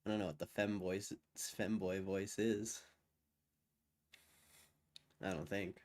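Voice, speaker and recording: A man's voice: low voice, level tone, takes it slowly, a little mellow. A man hosting a livestream, rambling and joking crudely while bored and waiting. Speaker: livestream host. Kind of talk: casual livestream chat.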